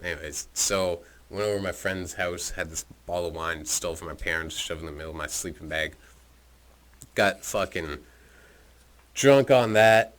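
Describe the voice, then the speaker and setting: A man's voice: low-pitched, fairly even intonation, normal speed, sharp tone. A man telling a personal story in a rambling, profane, casual way into his own microphone, with chuckles and filler words. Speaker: podcast storyteller.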